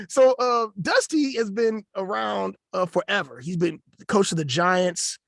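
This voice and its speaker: A man co-hosting a podcast in casual chat, animated and joking with slangy asides. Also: sits high, takes it slowly, vocal fry, dry recording, clean studio sound. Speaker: podcast co-host.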